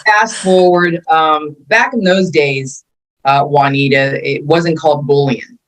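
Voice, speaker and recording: Animated woman in her fifties telling stories. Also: sits low, takes it slowly, poor audio. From California. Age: 50s. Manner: animated storyteller acting out quotes. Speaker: martial arts instructor and guest. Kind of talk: casual storytelling interview.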